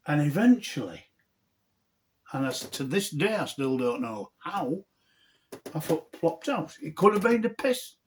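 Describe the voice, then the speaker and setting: A middle-aged man recounting his own mishap with comic relish. His voice sits a little high for a man and leaps up and down all over the place. He talks in a colourful, earthy way and pokes fun at himself. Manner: animated, colourful, earthy and self-mocking. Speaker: author telling his own story. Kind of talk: humorous personal storytelling.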